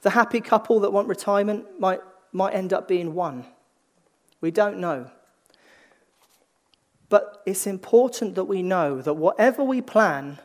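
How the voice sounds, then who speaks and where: A man preaching a conversational sermon, dropping from lively emphasis to hushed, slow lines and often restarting phrases as he thinks aloud. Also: high-pitched.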